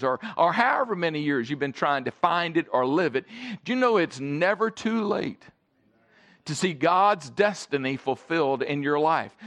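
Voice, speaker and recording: Male pastor, slightly high voice, dynamic sermon delivery with audience questions. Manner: emphatic, swings between loud stressed phrases and soft asides.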